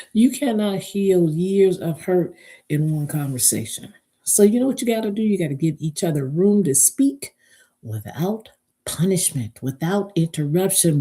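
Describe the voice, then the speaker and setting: Slow, husky-voiced woman giving a motivational talk. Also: deep voice, warm tone. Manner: emphatic, spells out key words letter by letter; rallies listeners to repeat after her. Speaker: relationship speaker.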